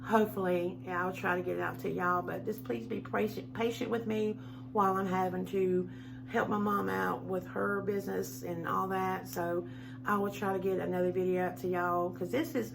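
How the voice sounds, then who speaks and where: A middle-aged woman chatting warmly and rambling to her home-video viewers. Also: medium pitch, steady tone, moderate pace, creaky, noisy background. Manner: chatty, rambling, heartfelt, says y'all a lot. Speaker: home decor vlogger. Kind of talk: casual chat to camera. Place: at home, indoors.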